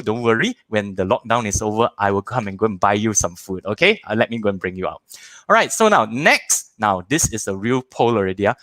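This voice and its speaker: A man hosting a live online parenting workshop, running audience polls and joking with viewers in an animated, playful way. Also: mid-range voice, no echo.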